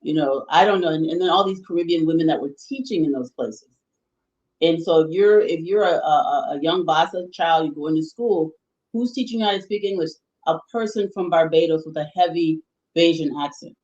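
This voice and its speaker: A woman's voice: deep voice, brisk, a little mellow. A woman lays out history in a long, thoughtful explanation, often restarting her sentences. Her voice sits in the middle range and carries a roomy echo, and the sound is a little dull. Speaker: guest presenter on history. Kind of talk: explanatory conversation.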